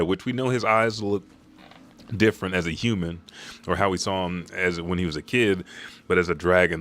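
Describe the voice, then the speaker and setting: Deep-voiced man narrating a comic casually. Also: fairly bright tone. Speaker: manga reaction host. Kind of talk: live comic chapter read-through.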